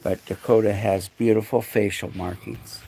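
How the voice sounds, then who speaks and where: Gravelly low-voiced man streaming with dogs. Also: steady tone, moderate pace, dark tone, slight background noise. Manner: coos baby talk to his dogs. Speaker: live streamer showing his dogs. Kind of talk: casual live stream chat. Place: indoors at home.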